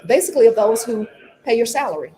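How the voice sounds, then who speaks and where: A woman co-hosting a talk show, expressive and often laughing. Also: fairly high pitch, quick pace. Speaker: co-host. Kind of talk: casual show chat.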